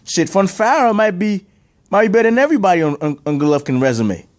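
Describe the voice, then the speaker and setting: A boxing commentator rants to camera in a high, fast voice with lively intonation. He's opinionated, emphatic and heated, piling up rhetorical questions and hammering his points again and again.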